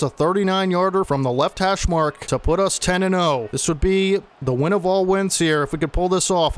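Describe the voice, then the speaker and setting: A young man giving play-by-play commentary over a football video game he is playing, excitable and talking to viewers as folks. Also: sits high, a little hiss or hum. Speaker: gaming channel host.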